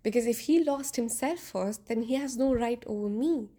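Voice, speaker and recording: A woman's voice: fairly high pitch, normal speed, mellow, natural voice. A woman voicing a distressed young queen who protests in disbelief, in a storytelling podcast. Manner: incredulous, pleading.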